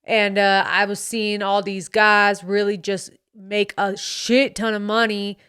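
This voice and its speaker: A woman's voice: medium pitch, lively intonation, moderate pace, a bit bright, no echo, studio quality. A woman playing a cocky young male dad influencer who talks with a faint southern twang in a swaggering, slangy, boastful way, as a comedic character monologue. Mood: braggy.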